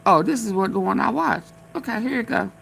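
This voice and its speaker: A woman's voice: medium pitch, lively intonation, brisk, vocal fry, breathy edge. A woman hosting a casual live stream, talking back at video clips with sassy, loose slang.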